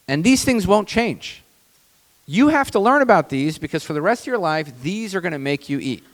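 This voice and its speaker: A man, a doctor, giving a conference seminar on stage, animated and asking the audience questions. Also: high-pitched, normal speed, in a large hall, poor audio. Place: large conference hall, on stage.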